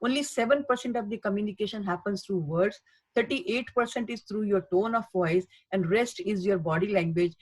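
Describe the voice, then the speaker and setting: A woman delivers a webinar talk on workplace communication, pressing her points with earnest repetition and long lists of qualities. Her voice sits at an ordinary middle pitch for a woman and comes through a webinar microphone. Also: normal speed, slightly rough, poor audio. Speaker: healthcare communication trainer. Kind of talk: webinar lecture.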